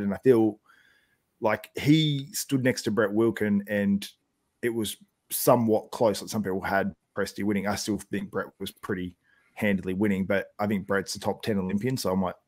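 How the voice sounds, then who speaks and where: A man's voice: fairly low pitch, a little mellow. A young Australian man hosting a casual podcast chat, rambling with lots of fillers and laughs. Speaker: podcast host.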